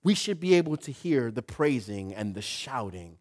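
A male pastor preaching a sermon in an animated way, rising to loud emphasis. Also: mid-range voice, moderate pace.

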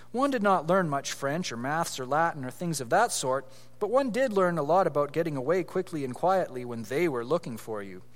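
A man's voice: fairly high pitch, long reverb tail. A man reading a children's story aloud with expression, then explaining it with growing animation as a preacher.

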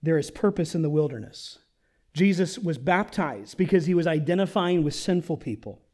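Male pastor, somewhat high, very lively delivery; animated sermon with hushed drops and questions to the congregation. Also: normal speed. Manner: animated preaching, swinging from loud peaks to near-whispers.

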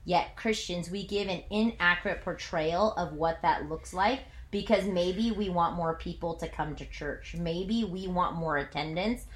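Animated woman preaching in an echoey room. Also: fairly low pitch, measured pace, few pauses. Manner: animated, self-mocking storyteller with lots of "like". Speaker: pastor. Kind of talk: sermon with personal storytelling.

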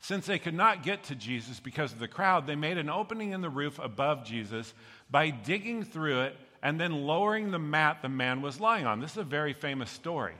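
Bright-voiced pastor preaching in a hall. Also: male voice, fairly high pitch, fairly quick. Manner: animated storytelling, acting out voices of characters. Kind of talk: sermon.

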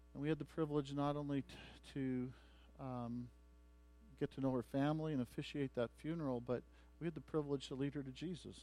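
A man's voice: fairly high pitch, mellow. A man preaching a sermon as pastor, telling a story with many restarts and building to emphatic points.

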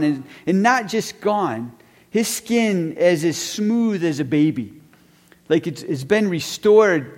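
High-voiced man preaching in a hall. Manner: conversational storytelling, acts out characters. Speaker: pastor. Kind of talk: sermon.

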